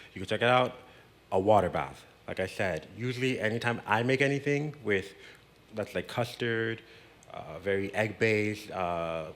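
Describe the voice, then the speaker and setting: A man's voice: on the low side, a bit bright. Chatty man hosting a cooking demo. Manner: chatty and playful, drops Spanish words. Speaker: cooking show host. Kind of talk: casual cooking demonstration. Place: home kitchen.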